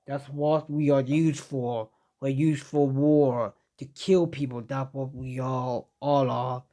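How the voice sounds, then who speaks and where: A man's voice: mid-range voice, steady tone, slow, mellow, voice pushed down, lightly acted. Zabuza, a man doing a cold rogue ninja.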